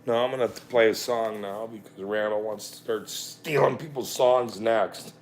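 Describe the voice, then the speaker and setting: A man's voice: on the low side, normal speed, a little hiss or hum. A middle-aged man hosting a livestream, ranting sarcastically and swearing freely as he talks to his chat. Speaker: livestream host.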